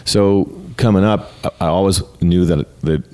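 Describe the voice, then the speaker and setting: A man's voice: low-pitched, steady tone, moderate pace, warm tone. A middle-aged man from the United States, a retired fighter pilot, talking earnestly as a guest in a casual interview and often repeating words as he starts a thought.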